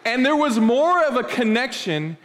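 Animated male preacher in a reverberant hall. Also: very high-pitched, moderate pace. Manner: animated storytelling with playful asides. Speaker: pastor. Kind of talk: sermon.

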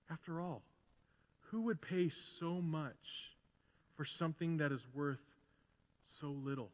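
A middle-aged man preaching a sermon as pastor in a conversational way, building to loud, emphatic repetition. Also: on the high side, unhurried, long pauses. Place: church sanctuary. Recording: long hall reverb in a church.

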